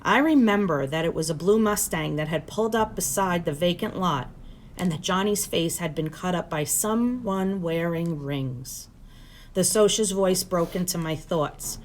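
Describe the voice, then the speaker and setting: A teacher reading a novel aloud to her students in steady, plain storytelling. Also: on the low side, unhurried, a little hiss or hum.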